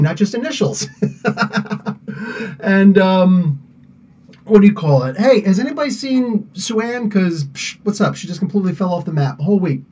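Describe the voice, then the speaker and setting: A man's voice: high-pitched, lively intonation, a little slow, warm tone, breathy edge. A man hosting a live podcast, chatting casually and rambling as he greets viewers by name. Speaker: podcast host. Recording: dull sound, mic somewhat distant.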